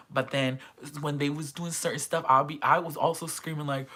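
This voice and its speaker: Bright-voiced, gushing slangy vlogger. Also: mid-range voice, a little fast. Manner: excitable gushing, heavy slang and swearing. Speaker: concert-reviewing vlogger. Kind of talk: casual chat.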